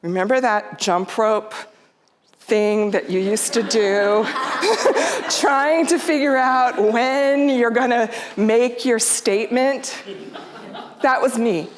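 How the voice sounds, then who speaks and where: A woman's voice: fairly high pitch, takes it slowly, a little hiss or hum. Heartfelt woman telling a family story. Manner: heartfelt, quotes her own and her mother's words in her own voice. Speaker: speaker. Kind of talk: storytelling talk to a live audience. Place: theater stage.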